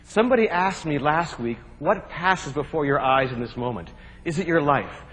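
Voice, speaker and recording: A man from New Jersey speaks to a live audience, spinning adventure tales with quick jokes and animated asides. His voice sits on the higher side for a man. The sound carries a long reverb from a large hall. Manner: animated, jokey, acts out shouts and quotes. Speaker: keynote speaker. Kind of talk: humorous storytelling speech.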